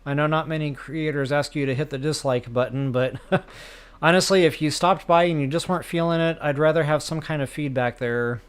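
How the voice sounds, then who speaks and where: A man talking to his viewers in a relaxed, chatty way while he plays a game live. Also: on the high side, brisk, clear, resonant tone. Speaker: game streamer. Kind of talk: live gameplay commentary.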